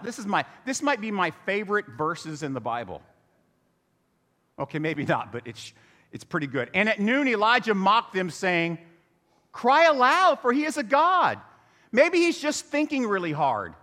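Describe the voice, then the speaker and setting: A man's voice: high voice, in a large hall. A man preaching a humorous sermon as pastor, telling the story with jokes and asides. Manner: animated, joking storyteller. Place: church sanctuary.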